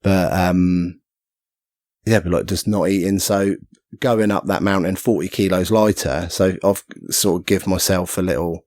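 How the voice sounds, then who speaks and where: A man's voice: deep voice, steady tone, measured pace, darkish tone, dry recording. A man telling a story as a podcast guest, rambling and self-mocking, acting out the voices of people he quotes. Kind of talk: casual storytelling chat.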